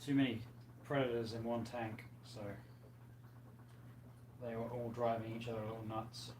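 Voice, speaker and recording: A man's voice: medium pitch, little pitch movement, moderate pace, a little mellow. A man hosting a casual livestream, chatting easily with viewers and reading out their comments, a little tired. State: tired, yawning. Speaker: livestream host. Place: home room with fish tanks. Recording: echoey room, faint background noise.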